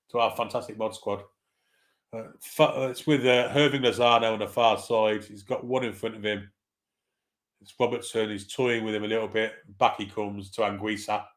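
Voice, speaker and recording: A man hosting a live football watchalong, calling the play in a relaxed, wry way and chatting with viewers. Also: on the low side, normal speed. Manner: laid-back, chatty, wry. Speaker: watchalong host. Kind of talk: casual live match commentary, reading chat.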